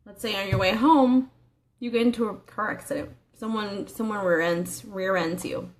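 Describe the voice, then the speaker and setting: A woman acting as a life coach gives a casual motivational training talk, earnest and conversational, posing rhetorical questions to the listener. She speaks at medium pitch with a steady tone and moderate pace.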